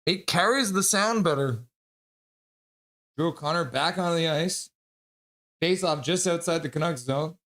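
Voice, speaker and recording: A man giving casual play-by-play on a live stream, excitably reading out viewers' chat messages. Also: a little high, a little slow, long pauses.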